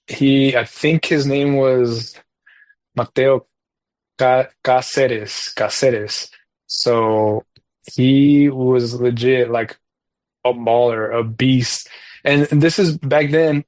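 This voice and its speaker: A man talking as a podcast guest in a casual chat, rambling through a story with lots of fillers and getting animated over his frustrations. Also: mid-range voice, no room sound. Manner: animated when recalling frustrations.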